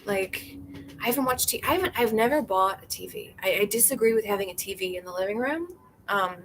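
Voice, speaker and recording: A woman's voice: mid-range voice, slight background noise, poor audio. A young woman hosting a podcast, chatting candidly and with strong opinions, often acting out what other people said. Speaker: podcast host. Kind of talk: casual chat reacting to live comments.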